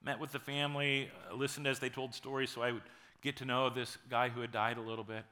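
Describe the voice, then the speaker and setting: A man in his forties, a pastor preaching a sermon in a conversational storytelling way, with dramatic pauses. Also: medium pitch, level tone, pushed and bright.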